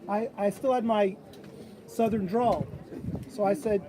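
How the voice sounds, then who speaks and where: Speaking at a measured pace in a high-pitched voice, a man gives a bat mitzvah sermon built on stories, animatedly voicing those he quotes. The recording, made outdoors at an old stone wall, carries crowd noise.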